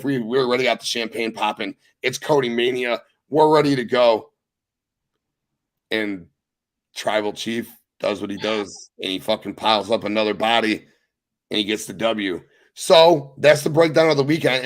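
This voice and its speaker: A young man hosts a casual wrestling podcast and rattles through the weekend's matches. He talks with excited, profane emphasis and a mid-range voice. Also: medium pitch. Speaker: podcast host. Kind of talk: casual wrestling recap chat.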